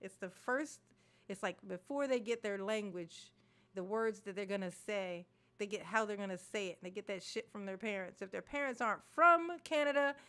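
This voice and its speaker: A woman's voice: medium pitch, moderate pace, fairly bright tone, smooth. A woman from Maryland hosting a reaction video, ranting animatedly with swearing and laughter. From Maryland, USA. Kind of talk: casual reaction commentary.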